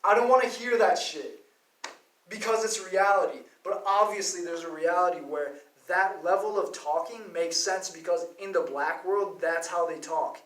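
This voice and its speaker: Male vlogger, high-pitched, heated profane rant, off-mic. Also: moderate pace, a bit bright. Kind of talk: ranting monologue. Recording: roomy, distant from the mic.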